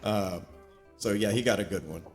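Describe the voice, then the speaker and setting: A man's voice: lowish voice, moderate pace, darkish tone, faint music behind. A man recapping a tabletop campaign as game master, telling the story casually with plenty of fillers. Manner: rambling storyteller with many fillers.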